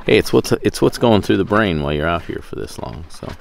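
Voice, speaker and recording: A man's voice: low-pitched, expressive, a little fast, creaky, slight background noise. A middle-aged man chatting casually to camera from a sailboat at sea, rambling with many fillers and restarts. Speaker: sailing vlogger.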